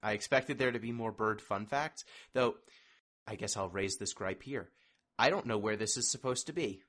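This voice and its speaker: A man with a somewhat low voice hosts a casual podcast chat. He talks in a wry, discursive way, steering the discussion from one point to the next. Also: normal speed, a bit bright. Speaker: podcast host.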